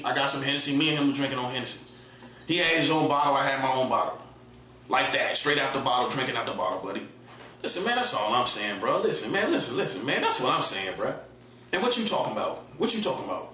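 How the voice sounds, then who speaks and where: A man's voice: medium pitch, expressive, brisk, sharp tone, a little hiss or hum. A man giving a casual, emphatic monologue as an online preacher, repeating himself in street slang. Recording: echoey room, dull lo-fi sound.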